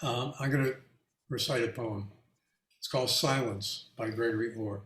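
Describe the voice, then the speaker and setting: Halting, echoey-voiced male artist. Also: mid-range voice, fairly bright tone. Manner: halting with many restarts, laughs while telling anecdotes. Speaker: featured artist answering audience questions. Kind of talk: reflective casual talk.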